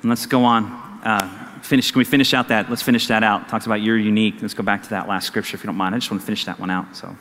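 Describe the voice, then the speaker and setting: A man preaching a sermon as pastor, animated and acting out conversations with his wife. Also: on the low side, fast, long reverb tail, slight background noise.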